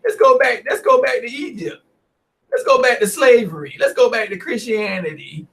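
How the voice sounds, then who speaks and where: Man doing a cowardly whiner, high-pitched, wavering, mocking. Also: expressive, normal speed, a bit bright, far from the mic, exaggerated voice. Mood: whining. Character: whiny cowardly man begging to turn back.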